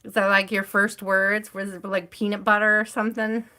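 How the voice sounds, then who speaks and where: A woman's voice: mid-range voice, little pitch movement, moderate pace, sharp tone. A woman hosting a live tarot stream, chatting casually and telling stories with frequent laughter. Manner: chatty storyteller, laughs often.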